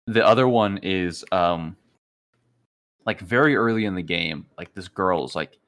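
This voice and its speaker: A man co-hosting a casual podcast chat, telling relaxed stories and acting out game dialogue. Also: deep voice, moderate pace, clear, resonant tone. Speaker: podcast co-host.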